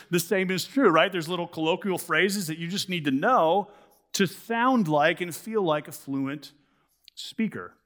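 A male pastor preaching a sermon in a church, in a casual, conversational way full of "like" and "sort of". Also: high voice. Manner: conversational, animated, many "like" and "sort of". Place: church sanctuary.

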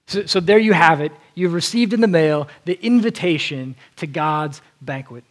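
High-voiced earnest male preacher. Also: expressive, normal speed, hardly any pauses. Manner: earnest, repeats words as he restarts. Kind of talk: sermon.

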